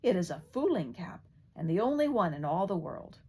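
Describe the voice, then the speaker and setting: Lady reading as a loud stubborn farm boy, bawling, husky voice. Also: on the low side, big pitch swings, normal speed, exaggerated voice. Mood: sly. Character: stubborn bawling young peasant lad.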